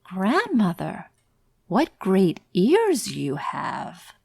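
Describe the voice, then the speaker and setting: A woman's voice: mid-range voice, huge pitch swings, very slow, gravelly, darkish tone, slightly rough, no room sound, studio quality, heavily acted. A woman playing an innocent little storybook girl. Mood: wondering. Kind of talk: storybook read-aloud.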